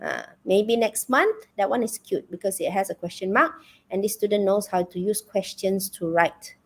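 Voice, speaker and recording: A woman's voice: medium pitch, moderate pace. A woman with a Malaysian English accent teaching a live online exam-prep lesson, coaxing her students with frequent questions. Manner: animated, coaxing, asks the class questions.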